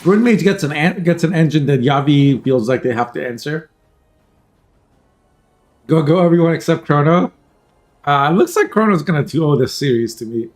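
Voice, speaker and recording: A man with a somewhat high voice gives loose, joking commentary on a card game tournament. He rambles between plays and often clears his throat. He speaks close into a headset mic. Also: animated, normal speed, pauses often. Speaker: tournament caster. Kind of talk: casual live game commentary.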